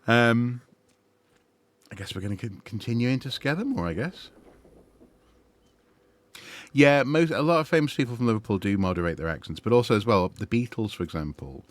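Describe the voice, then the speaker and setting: A man's voice: mid-range voice, expressive, normal speed, pauses often, no room sound. A man streaming a game, chatting and musing with lots of fillers and restarts. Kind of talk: gaming livestream commentary.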